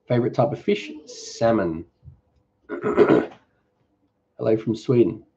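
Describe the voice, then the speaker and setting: A man's voice: medium pitch, lively intonation, slow pace, warm tone, lo-fi sound. A man hosting a cooking channel's live Q&A. He reads viewer comments aloud and answers them in an easygoing, off-the-cuff way. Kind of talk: casual live-stream Q&A.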